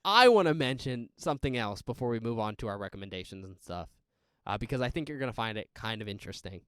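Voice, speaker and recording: A man co-hosting a casual podcast about a horror film, talking in a chatty, animated way and laughing often. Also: lowish voice, fast talker, smooth, no room sound, clean studio sound. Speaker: podcast co-host. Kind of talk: casual movie chat.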